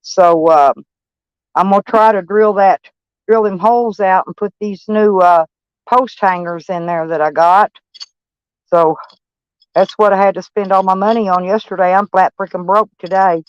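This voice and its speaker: Her mid-range voice is clear and resonant, with a steady tone and moderate pace. This older woman, a van-life vlogger, casually rambles to camera about her day in blunt, profane terms, heard in a dull, dry recording.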